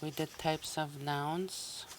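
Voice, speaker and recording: Over a noisy background, a language teacher with a medium-pitched voice moves slowly through a recorded listening lesson. Words are repeated patiently and divided into syllables, all in an even, explanatory tone.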